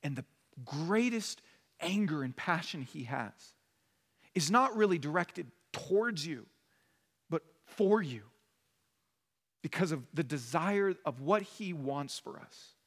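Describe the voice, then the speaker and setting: A high, bright-voiced male pastor preaches with lively, animated delivery, acting out the voices in his stories. His voice rings out with a long church hall reverb behind it. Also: slow pace, long pauses. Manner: animated, acts out quoted voices in a story. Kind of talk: sermon. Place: church sanctuary.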